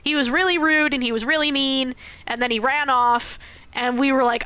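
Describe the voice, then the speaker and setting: A woman streamer casually recapping a game's story, animated, often laughing and swearing. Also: high-pitched, moderate pace, clear, resonant tone, no room sound. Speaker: game streamer. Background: faint game music.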